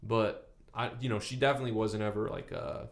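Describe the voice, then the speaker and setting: A man's voice: on the low side, steady tone, a little fast. A man as a podcast guest in casual chat, rambling with fillers, swearing and laughing.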